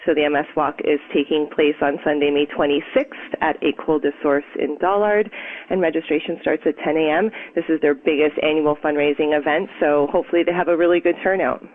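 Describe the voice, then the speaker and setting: A woman's voice: deep voice, fairly even intonation, a little fast. A woman journalist calling into a radio talk show, chatty and upbeat. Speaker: guest journalist. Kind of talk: casual radio chat. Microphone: phone line. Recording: tinny phone line.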